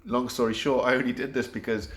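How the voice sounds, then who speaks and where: A man's voice: medium pitch, steady tone, fast talker. A man in his thirties, talking earnestly in a rambling vlog monologue with many restarts. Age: 30s. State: getting choked up. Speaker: vlogger.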